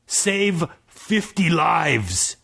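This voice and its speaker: A man voicing a huge, slow-witted and brutal male giant who talks in broken caveman grammar. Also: a little high, sing-song, gravelly, fairly bright tone, breathy edge, pitched above the performer's own voice, exaggerated voice. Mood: dull, slow.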